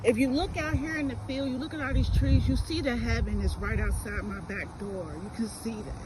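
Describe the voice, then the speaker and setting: A woman's voice: on the high side, brisk, very noisy. A woman talking earnestly and emotionally in a casual vlog, with fillers and restarts, filmed outdoors on a phone. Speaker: vlogger. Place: outdoors near a residential field.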